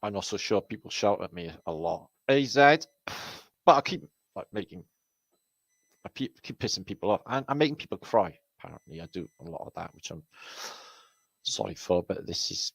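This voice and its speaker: Rambling, sweary British man, lively pitch. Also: normal speed, vocal fry, dry recording. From Britain. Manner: swears constantly, rambling and sardonic. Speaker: livestream host. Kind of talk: casual live chat reading viewer comments.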